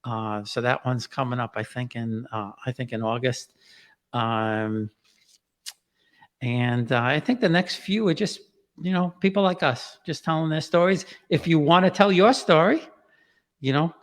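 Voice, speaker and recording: A genealogy author and podcaster from Queens speaks as a guest in a relaxed interview, his New York accent clear. His medium-pitched voice keeps a measured pace and sounds like it's in a large hall. He tends to ramble, repeat himself, and laugh often.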